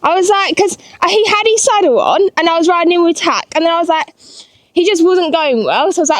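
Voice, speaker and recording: A woman's voice: extremely high pitch, animated, fast, no echo, studio quality. A woman in casual vlog chat about her ponies, chatty and giggling nervously as she rides. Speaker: pony owner vlogging her yard. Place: outdoor yard and riding pen.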